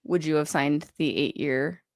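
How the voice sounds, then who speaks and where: A woman co-hosts a hockey podcast in a loose, chatty way, full of quick asides. Her voice sits a little low, and the studio sound is close and dry. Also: darkish tone, no echo. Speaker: podcast co-host and hockey writer. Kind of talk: casual podcast chat.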